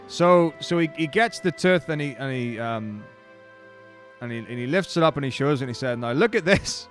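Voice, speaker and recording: A man's voice: mid-range voice, moderate pace, soft background music. Rambling male streamer telling a story. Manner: rambling, with frequent restarts and acted-out quotes. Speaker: speedrun streamer. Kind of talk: casual storytelling while streaming.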